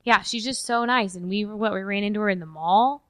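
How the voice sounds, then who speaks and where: A woman's voice: mid-range voice, fairly quick, no room sound, clean studio sound. A woman co-hosting a casual podcast, chatting with an enthusiastic, gushing manner. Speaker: podcast co-host.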